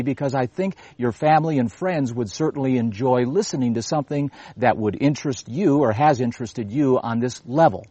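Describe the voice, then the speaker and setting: A man hosting a religious TV program talks earnestly and wordily at length, restarting his sentences now and then as he appeals to viewers. His voice is on the high side, a little mellow and husky, in a dry recording.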